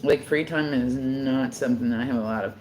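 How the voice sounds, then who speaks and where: A woman's voice: rumbling low, fairly quick, darkish tone, roomy sound, a little hiss or hum, low-quality recording. A woman chatting casually on her livestream, rambling with constant filler words and frequent swearing.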